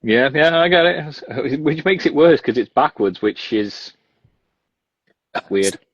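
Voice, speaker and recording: A man's voice: a little high, lively intonation, slow pace, slightly rough, no echo, dull audio. A man from Wales, a podcast guest chatting casually and laughing often. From North Wales. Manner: laughs often, easygoing banter. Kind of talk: casual chat over a call.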